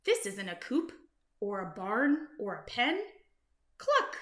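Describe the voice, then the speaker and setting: A woman voicing a fussy, excitable hen in a storybook, talking in an urgent, clucking way. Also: medium pitch, unhurried, roomy sound.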